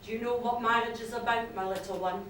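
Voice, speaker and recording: A woman playing a proud, stern mother with solemn, measured lines in an amateur stage play, recorded from far off in an echoey hall. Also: a little high, steady tone, lightly acted. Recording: echoey hall from far off, noisy VHS tape.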